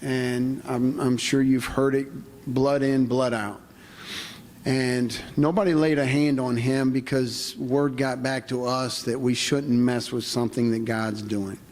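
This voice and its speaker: A man giving a personal testimony to a conference audience, telling his story in a plain-spoken, halting way. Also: mid-range voice, little pitch movement, darkish tone, big-room sound, slight background noise. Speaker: conference speaker.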